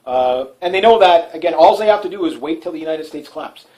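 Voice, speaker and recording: A man from Canada hosts a one-man talk show and delivers a loose political commentary monologue. He rambles, restarts his sentences and fills them with "uh" and "you know", and often chuckles at his own remarks. His speaking voice sits somewhat higher than most men's. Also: animated, fast, a little mellow, rough recording. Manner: rambling, many fillers and restarts, frequent chuckles.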